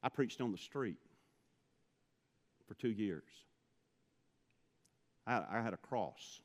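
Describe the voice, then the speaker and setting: A man's voice: lowish voice, expressive, slow pace, big-room sound. A man from Mississippi, preaching a sermon, telling stories and building to impassioned pleas. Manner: storytelling, rising to impassioned pleading.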